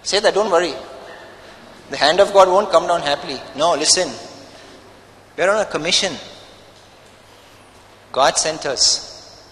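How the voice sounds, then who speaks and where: A man's voice: on the high side, measured pace, pauses often, fairly bright tone, long reverb tail, rough recording. A man preaching a sermon as pastor, emphatic and full of rhetorical questions.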